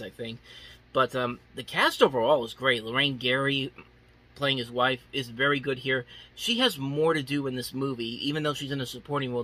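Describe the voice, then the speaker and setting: A man's voice: medium pitch, bright, forceful tone, husky. A young man casually reviewing a movie, enthusiastic and rambling, with many restarts and filler words.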